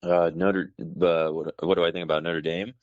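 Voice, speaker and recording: A man with a very deep voice answers hesitantly on a casual football podcast. The sound is dry and a little muffled. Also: level tone, moderate pace, no echo. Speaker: podcast co-host. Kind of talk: casual sports podcast chat.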